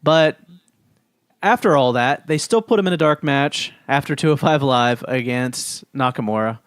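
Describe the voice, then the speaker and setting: A man's voice: mid-range voice, moderate pace, clean tone, no room sound, studio quality. A man co-hosting a casual podcast chat, steering the topics in a laid-back, matter-of-fact way. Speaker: podcast co-host.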